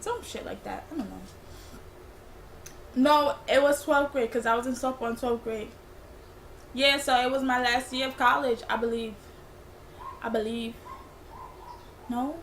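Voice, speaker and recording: A woman's voice: a little high, normal speed, long pauses, a little hiss or hum. A young woman telling a rambling, slangy storytime for her vlog. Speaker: vlogger. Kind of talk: casual storytime.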